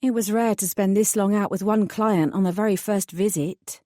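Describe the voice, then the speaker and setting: A woman reading a first-person fantasy audiobook in a wry, measured storytelling manner. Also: mid-range voice, fairly even intonation, dark tone, dry recording, clean studio sound. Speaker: audiobook narrator.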